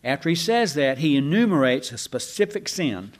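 A man's voice: a little high, very animated, moderate pace. A man teaching a Bible class in a folksy, rambling way, with asides to his listeners.

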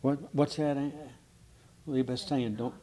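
A man's voice: medium pitch, steady tone, unhurried, warm tone. A man with a drawl walks his congregation through a Bible text. He is informal and searching, halts on fillers, and often turns to ask his listeners what they think. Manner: conversational, asks the room questions, hesitant with many fillers. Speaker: preacher.

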